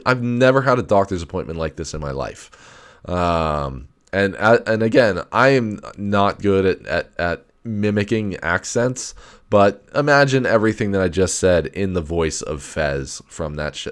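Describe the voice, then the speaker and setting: A man with a very deep voice rambles through a casual solo rant. He swears freely, stacks up fillers and restarts his sentences often. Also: expressive, normal speed. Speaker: podcast host.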